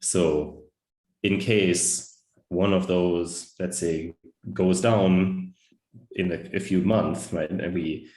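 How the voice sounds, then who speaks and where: A man on a video call in a work meeting, explaining things in a measured, careful way. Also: low-pitched, steady tone, a little mellow. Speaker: meeting participant. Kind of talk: casual work meeting talk. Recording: roomy echo on a video call.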